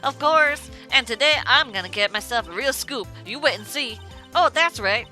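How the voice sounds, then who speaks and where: A woman voicing a cheerful Southern woman photographer in a game, with a put-on Southern US accent, loud and brash. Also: high-pitched, lively intonation, normal speed, faint music behind, pitched above the performer's own voice. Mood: excited.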